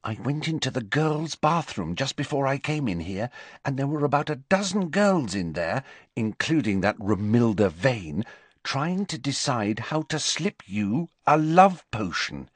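A man voicing a clever, sharp-tongued teenage witch girl, clipped and disdainful, with a much higher, altered voice. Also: sing-song, measured pace, slightly rough, dry recording. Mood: prim.

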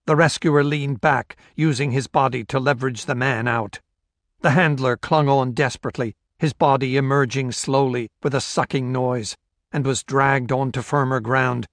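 A male audiobook narrator with a mid-range voice tells the story of a novel in a steady, measured way. The scripted reading is studio quality, with no room sound.

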